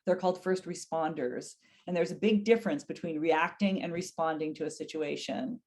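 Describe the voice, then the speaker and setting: A middle-aged woman with a somewhat low voice teaches a webinar on caring for people with dementia. She speaks earnestly and unhurriedly, and her voice lifts when she acts out the phrases a caregiver might say. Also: normal speed, darkish tone. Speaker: dementia care educator. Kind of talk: educational webinar talk.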